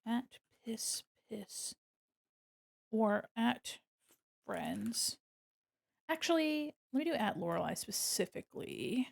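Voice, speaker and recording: A woman with a fairly high, creaky voice and wildly swooping pitch chats slowly with her livestream viewers, pausing often while she draws. She talks herself through every step, making silly jokes and breaking into laughter.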